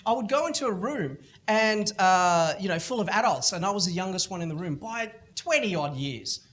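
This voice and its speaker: This middle-aged Australian man, a motivational speaker, gives a keynote at a school festival at a normal pace. His fairly high voice carries animated stories, and he slips into other people's voices to act out what they said.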